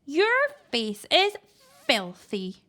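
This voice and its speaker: Woman doing a deaf old granny, high and loud, barking, slow and bossy, storybook. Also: wildly swooping pitch, exaggerated voice. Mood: scolding. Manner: loud, barking, mishears everything.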